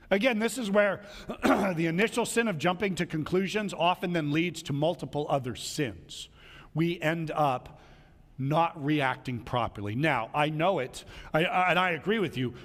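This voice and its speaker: A man preaching a sermon in an animated way, acting out quarrels between people as he talks. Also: on the high side, moderate pace. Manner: animated, acts out quarrels in little voices. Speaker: pastor. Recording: long hall reverb.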